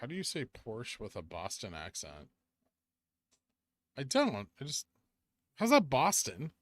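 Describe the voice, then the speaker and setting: A man's voice: mid-range voice, huge pitch swings, unhurried. A man hosting a casual stock market livestream, answering chat and thinking aloud over charts in an offhand, muttering way.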